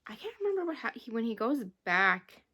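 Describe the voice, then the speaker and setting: A woman's voice: a little high, very animated, brisk, bright, forceful tone. A woman vlogger chatting casually about a book she read, retelling it in a rambling, emotional way with sighs. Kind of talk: casual book review chat.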